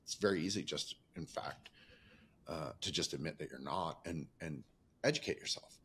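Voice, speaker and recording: A man's voice: very deep voice, moderate pace, a bit bright, a little hiss or hum. A man in his fifties hosting a podcast, talking candidly and at length about his own life in a reflective, rambling way. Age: 50s. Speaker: podcast host. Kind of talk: reflective casual conversation.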